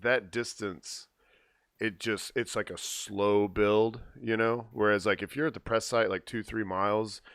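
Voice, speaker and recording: A man's voice: fairly low pitch, fairly even intonation, a little slow, a bit bright, smooth, dry recording, clean studio sound. A man hosting a casual podcast chat, rambling with lots of fillers and frequent laughs. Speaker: podcast host.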